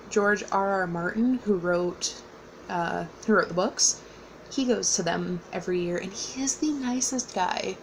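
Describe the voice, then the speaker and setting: A woman's voice: medium pitch, slight background noise, poor audio. Chatty young woman telling a story. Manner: chatty, rambling, with fillers and frequent laughs. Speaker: vlogger. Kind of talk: casual storytelling.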